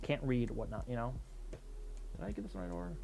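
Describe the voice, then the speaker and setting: A man's voice: medium pitch, a little fast, gravelly, a little mellow. A man streaming while scanning old workbooks, ranting about a utility bill in casual, heavily profane chat.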